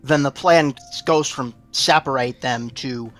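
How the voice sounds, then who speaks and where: Casual table player, deadpan humor, light music behind. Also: medium pitch, measured pace.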